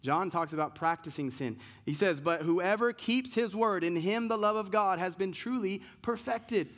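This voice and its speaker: A male pastor preaching a sermon, stressing key words slowly and swinging between loud emphasis and quiet asides. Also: high-pitched.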